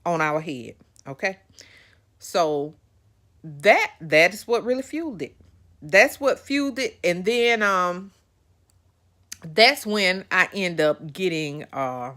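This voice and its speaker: Lively woman telling her story. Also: on the low side. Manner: animated, repeats phrases for emphasis, speaks straight to listeners. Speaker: podcast host. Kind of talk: personal storytelling to listeners.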